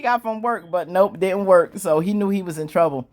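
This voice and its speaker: Low-voiced woman recapping a drama, slangy. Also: a little fast, hardly any pauses. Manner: animated, slangy storytelling with squealing acted-out quotes and laughs. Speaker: show recap host. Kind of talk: casual recap commentary.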